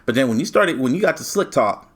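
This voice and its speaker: A man co-hosting a podcast with a lively voice that swings from low mutters to excited highs. He is strongly opinionated and talks in a loose, casual way. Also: quick pace. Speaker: podcast co-host. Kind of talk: casual chat.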